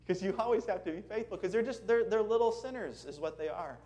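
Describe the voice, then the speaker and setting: A man's voice: sits high, lively intonation, fast talker, hardly any pauses, warm tone, a little hiss or hum. A man preaching a sermon in a conversational way, asking the congregation questions as he goes. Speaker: pastor.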